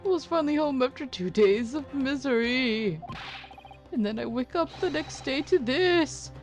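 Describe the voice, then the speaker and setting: A woman voicing an excitable, indignant man with a mustache who shouts shrill, exasperated outbursts in a raised voice. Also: normal speed, faint music behind. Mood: self-pitying.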